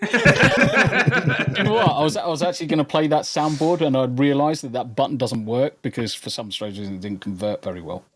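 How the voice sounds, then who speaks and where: A man's voice: medium pitch, animated, normal speed, background noise. A man hosting a casual, sweary group chat, repeating himself and laughing. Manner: loose, laughing, repeats words. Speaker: podcast host.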